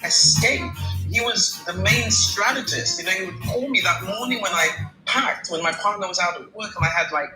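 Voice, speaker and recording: A woman in her forties on a live call, recounting a painful personal story in a halting way, repeating and restarting words. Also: mid-range voice, roomy sound, music in the background, low-quality recording. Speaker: caller sharing her story.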